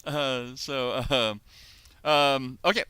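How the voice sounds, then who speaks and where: Middle aged guy on a video call, bright crisp voice, dry sound, rambly chat. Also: medium pitch, steady tone, slow, no room sound. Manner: chatty, rambling with restarts and laughs. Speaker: co-author and host. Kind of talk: casual chat.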